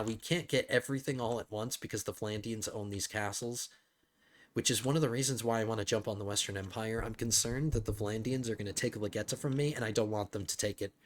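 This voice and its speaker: A man hosting a let's play, thinking aloud in casual gameplay commentary, rambling with frequent restarts. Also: on the low side.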